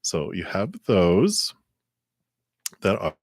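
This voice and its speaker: A man hosting a live tarot card reading stream, talking in a relaxed, rambling way with many fillers. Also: low voice, extremely slow, no echo. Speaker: tarot card reader, channel host.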